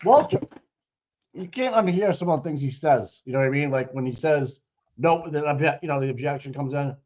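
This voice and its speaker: Chatty man with lo-fi sound. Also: a little high. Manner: excited, chatty, quick agreeing interjections. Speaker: livestream co-host commenting on a trial. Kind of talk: casual live commentary.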